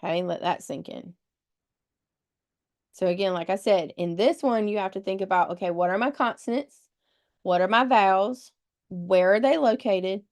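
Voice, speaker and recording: A woman's voice: mid-range voice, moderate pace, pauses often. A woman leading a test-prep webinar, patiently explaining rules step by step and spelling words out letter by letter. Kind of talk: live webinar teaching.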